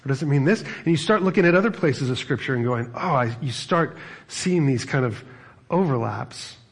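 A middle-aged man preaching as a pastor, talking in a conversational, animated way with frequent asides. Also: mid-range voice, normal speed, slightly rough. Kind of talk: sermon.

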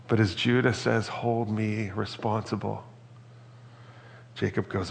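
A male pastor preaches in an earnest, reflective way, with a low, gravelly voice. His words ring out with a long reverb, as if he were in a large hall. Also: level tone, unhurried, slight background noise. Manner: earnest, reflective, reads scripture aloud. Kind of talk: sermon.

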